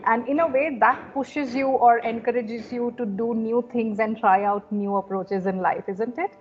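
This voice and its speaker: A woman's voice: fairly high pitch, fairly even intonation, normal speed. A woman English trainer from India, interviewing a colleague in an encouraging way, with lots of "you know" fillers. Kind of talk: conversational interview. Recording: dull lo-fi audio with faint music.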